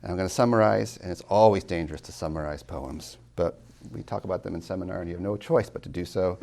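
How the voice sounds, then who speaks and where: A deep-voiced man lecturing on poetry, with a gravelly, fry-laden edge. He swings from loud emphasis to hushed near-whispers, lingering on words he loves. He drops playful asides to his students. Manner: dramatic swings in loudness, drops to near whispers when savoring lines; slow, deliberate emphasis on key words. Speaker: college tutor giving a lecture.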